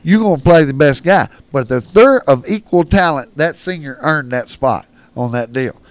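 A man with a drawl tells stories in a podcast chat, with a smooth, resonant voice pitched a little high. His talk is blunt and salty, and he plays out both sides of every argument he retells. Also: expressive, normal speed, dry recording. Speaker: podcast guest. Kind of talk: casual storytelling.

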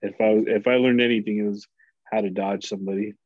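A man in his thirties, a podcast guest, telling a story in a casual, profane and animated way. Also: on the low side, fast talker, no echo, narrow, tinny audio. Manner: animated, profane, acts out quoted voices.

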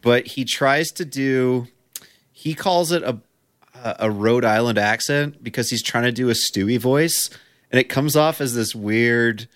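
A man's voice: medium pitch, measured pace, fairly bright tone, no room sound. Sarcastic podcast guy, dry close mic. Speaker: podcast co-host. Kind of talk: casual podcast chat.

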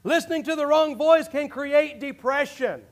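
A man with a very high voice delivers a sermon as the pastor, preaching with passion. He swings from near-shouted declarations to hushed, low asides. It sounds like a church service in front of a congregation. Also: moderate pace. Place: church sanctuary.

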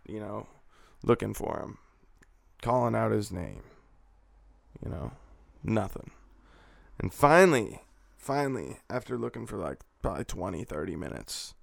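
A young man with a gravelly, fry-edged voice tells a rambling personal story full of swearing. His delivery is casual and unpolished, sitting at an ordinary pitch. The sound is dry, with no room around it. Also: dry recording. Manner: profane, rambling anecdote with laughs.

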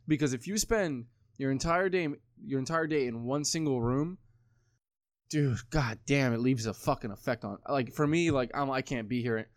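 A man's voice: medium pitch, moderate pace, no echo, studio quality. A man in his twenties talking casually, rambling with lots of swearing and filler words. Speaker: podcast co-host. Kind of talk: casual chat.

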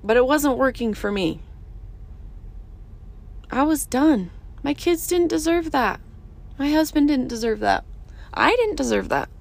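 Slow, gravelly-voiced woman talking earnestly. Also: high-pitched, expressive. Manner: earnest, emphatic, repeats short phrases. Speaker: podcast host. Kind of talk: casual motivational monologue.

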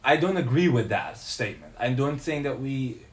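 A man's voice: mid-range voice, expressive, normal speed. A man co-hosting a podcast who challenges his partner's points in a casual debate, pressing with pointed questions. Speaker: podcast co-host.

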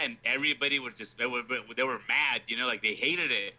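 A man's voice: medium pitch, fairly even intonation, fast talker, pushed and bright, low-quality recording. A man in casual chat, agreeing and adding his own experiences.

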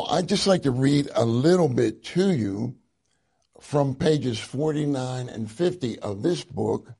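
Male preacher, earnest sermon, husky voice, unhurried delivery. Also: medium pitch, warm tone. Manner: earnest, deliberate, slows to stress words. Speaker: church speaker. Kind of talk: sermon with read-aloud passages.

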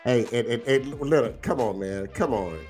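A man's voice: mid-range voice, moderate pace, faint music behind. A man hosting a casual livestream, teasing and drawling as he talks football smack with viewers. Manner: animated, teasing, drawling, repeats himself. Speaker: livestream host.

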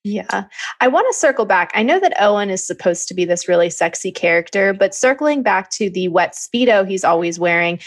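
A woman's voice: mid-range voice, animated, a little fast. Wry woman podcast co-host. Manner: wry, questioning, playful. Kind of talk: casual book discussion chat.

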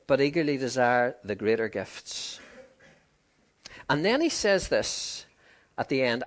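A man's voice: measured pace, long pauses. A man preaching a sermon in a conversational way, acting out quoted voices. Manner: conversational, acts out quoted voices with lively pitch swings.

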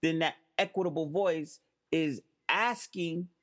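A man's voice: a little high, takes it slowly, fairly bright tone. A man hosting a spoken commentary, talking emphatically and stressing key words. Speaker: host. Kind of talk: monologue commentary.

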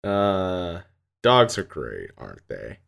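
A man's voice: low-pitched, huge pitch swings, takes it slowly, vocal fry, a bit bright. A man from Canada co-hosting a podcast, chatting casually and rambling with lots of fillers. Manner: laid-back, rambling with many fillers. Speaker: podcast co-host. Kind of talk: casual chat.

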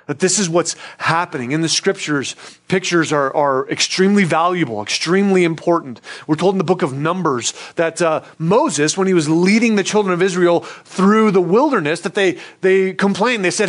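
A man's voice: high-pitched, a little fast. A pastor, a man, preaching an earnest sermon in a conversational way and often checking in with his listeners.

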